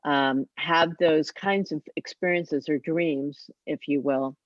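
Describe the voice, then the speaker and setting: A woman's voice: sits low, fairly even intonation, no echo. Older woman, reflective, dull lo-fi sound. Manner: reflective, halting with pauses and fillers. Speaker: guest. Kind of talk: casual interview talk. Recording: dull, dry lo-fi remote audio.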